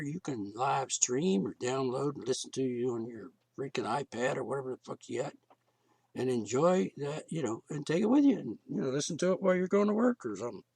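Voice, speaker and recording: A male podcast host ranting on his own, blunt and profane. His voice is gravelly and raspy, and it sounds worn and hoarse. He is recorded dry and close, with no room sound. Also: medium pitch, darkish tone, no room sound. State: losing his voice. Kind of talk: casual solo podcast monologue.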